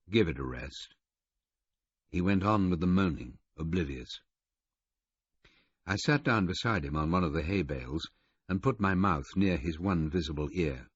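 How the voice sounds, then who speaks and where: A man narrating a first-person audiobook with a husky voice and a measured, understated delivery. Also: deep voice, dry recording. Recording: muffled lo-fi recording.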